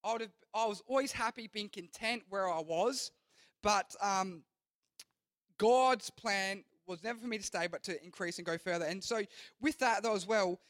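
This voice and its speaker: Young man, youth pastor preaching, high voice, earnest rambling delivery full of restarts, dry sound. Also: moderate pace, a bit bright, no room sound. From Australia. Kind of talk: youth sermon.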